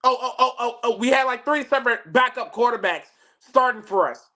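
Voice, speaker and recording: A podcast co-host in casual sports chat, emphatic and rising to rhetorical outbursts, then dropping soft. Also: mid-range voice, expressive, a little fast. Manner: emphatic, rhetorical questions, swings loud and soft.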